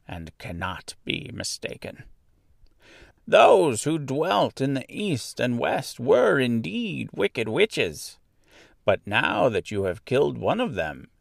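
A man voicing a kindly little old good witch who speaks calmly in a storybook reading. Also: mid-range voice, creaky, no room sound, clean studio sound, voice pushed up, exaggerated voice. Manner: calm, gently laughing.

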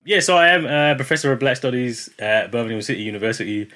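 A man's voice: mid-range voice, steady tone, fast talker, pushed and bright. A man from Britain, a professor, chatting casually as an interview guest and often laughing.

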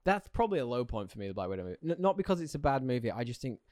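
Man, casual podcast chat, medium pitch, dry recording, laughs a lot. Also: very animated, darkish tone, dry recording. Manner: quick, chatty, laughs often. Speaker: podcast co-host.

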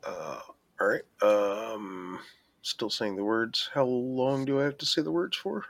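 A man's voice: lowish voice, measured pace, gravelly. A man playing in a tabletop game, drawling and unsure, with many ums. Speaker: player. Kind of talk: casual play at a tabletop game.

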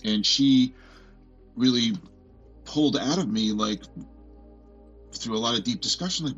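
A man in his forties telling a personal story as a podcast guest, earnest and halting, often restarting and filling with "like". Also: mid-range voice, a bit bright, highs cut off, faint music behind. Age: 40s.

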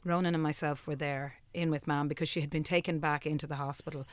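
A woman's voice: low voice, quick pace, no echo. An Irish woman in casual conversation, telling a personal story and acting out the dialogue, emotional and close to tears. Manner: animated storyteller who acts out quoted dialogue.

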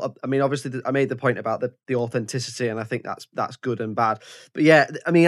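A man hosting a casual film podcast. He stops and restarts often as he thinks aloud, at an ordinary mid pitch. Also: a bit bright. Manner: halting, repeats words as he gathers thoughts. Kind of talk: casual film review chat.

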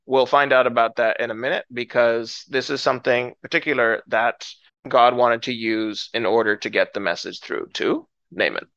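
A man teaching through a Bible story, retelling it in lively, dramatized fashion and acting out the characters' words. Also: moderate pace, no echo, lo-fi sound. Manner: animated storytelling, acts out characters with rising pitch.

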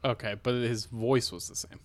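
A young man co-hosting a podcast, joking in a laid-back, deadpan way. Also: medium pitch, moderate pace, dry recording. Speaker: podcast co-host. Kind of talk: casual comedic chat.

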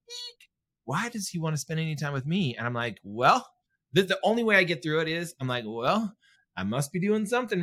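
A man's voice: mid-range voice, a bit bright. A man around fifty in earnest, reflective casual chat with his husband, sometimes playful and blunt. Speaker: podcast co-host, married to the other speaker.

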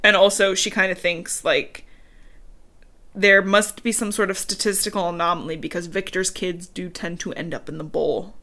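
A young woman talks through a book's plot in loose, casual podcast chat. She swears often and slips into characters' voices with sudden pitch jumps, breaking into laughs along the way. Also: fairly even intonation, normal speed, bright, forceful tone. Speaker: podcast co-host. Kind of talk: casual book recap chat.

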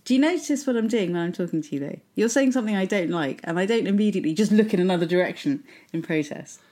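A woman at a middling pitch banters on a comedy podcast. She teases her co-host steadily and keeps pressing her point with amused persistence. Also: expressive, fast, dark tone. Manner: teasing and playfully persistent.

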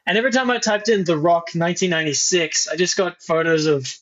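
Talking fast in a high, fairly bright voice, this podcast co-host gives relaxed plot recaps on a casual film show, using fillers along the way. The audio quality is dull.

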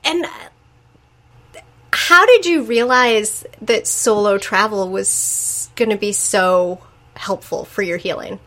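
Bright-voiced woman podcast host. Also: mid-range voice, takes it slowly. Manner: playful, jokey interviewer. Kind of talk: casual conversational interview.

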